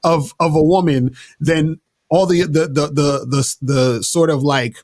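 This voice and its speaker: A man's voice: on the high side, fairly even intonation, a little slow, a little mellow, no room sound. A man telling dating stories in a laid-back, slangy way with many restarts, speaking as an interview guest. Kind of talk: casual interview talk.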